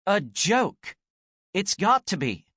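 A man reading an audiobook and voicing an exasperated young woman who snaps indignantly, her voice rising high. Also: sing-song, normal speed, fairly bright tone, no echo, studio quality. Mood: pleading. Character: exasperated young woman, sharp-tongued and desperate. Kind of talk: audiobook character voice.

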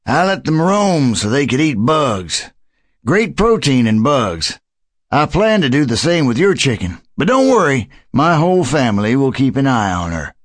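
Gentle, welcoming old grandfather, a man performing him, lively inflection. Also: medium pitch, normal speed, dry recording, clean studio sound. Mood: kindly. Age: older. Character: kindly hospitable grandfather who keeps animals. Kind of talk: audiobook character voice.

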